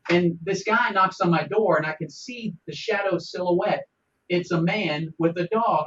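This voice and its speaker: A man co-hosting a casual animal-shelter podcast, telling rambling, lively stories with many restarts. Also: sits high, normal speed. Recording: distant, dull mic with faint ambience.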